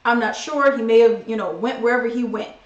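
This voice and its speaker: A woman vlogger giving her opinion in a casual, animated, slangy monologue. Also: on the high side, brisk, highs cut off. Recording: echoey room.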